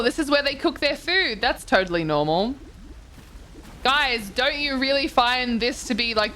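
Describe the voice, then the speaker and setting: A woman's voice: medium pitch, pushed and bright, a little hiss or hum. A young woman streaming a game, chatting casually, reading chat aloud and reacting with gasps and swearing. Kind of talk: casual live-stream chat while touring game houses.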